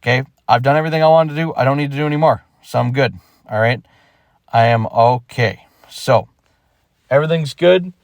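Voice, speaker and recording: A young man talks straight to the camera in a casual vlog, animated and emphatic, circling back to repeat his points. His voice sits in the ordinary middle range for a man. The sound is close and dry, with no room around it. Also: mid-range voice, dry recording. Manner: animated, emphatic, repeats himself, acts out quick imagined thoughts. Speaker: rapper explaining his retirement.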